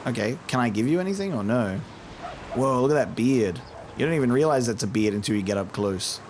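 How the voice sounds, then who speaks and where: A man's voice: mid-range voice, animated, fairly quick, noisy background. A man casually commenting on a game he is playing for the first time, chatty and profane, mimicking the characters now and then. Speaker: let's play host.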